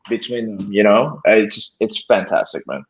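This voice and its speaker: A man's voice: on the low side, moderate pace. Loose, enthusiastic male podcast host, medium voice, lo-fi muffled recording. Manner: enthusiastic, loose, swears casually. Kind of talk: casual podcast chat.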